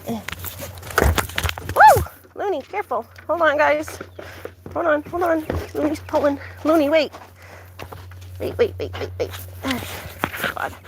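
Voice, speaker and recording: A woman's voice: sits high, expressive, a little slow, long pauses, noisy background. A woman livestreaming outdoors with a phone on a tripod, chatting and baby-talking to her animals. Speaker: vlogger with pets. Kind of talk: casual livestream chat.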